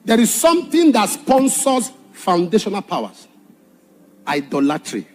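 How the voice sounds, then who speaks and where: High, husky-voiced pastor preaching. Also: male voice, very animated, measured pace. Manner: dramatic, shouts for emphasis then drops low. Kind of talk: sermon with personal testimony.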